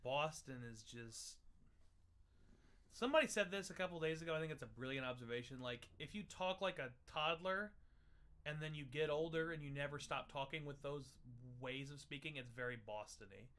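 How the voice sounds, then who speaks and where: Bright-voiced, playful young man. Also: on the high side, animated, moderate pace, clear, resonant tone. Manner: playful, jokey, breaks into laughs. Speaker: livestream host. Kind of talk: casual tasting livestream chat.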